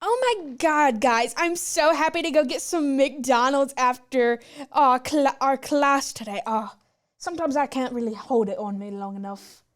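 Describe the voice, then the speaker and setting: A woman doing a bubbly valley girl. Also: sits high. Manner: gushing, drawn-out. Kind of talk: comedy sketch impression.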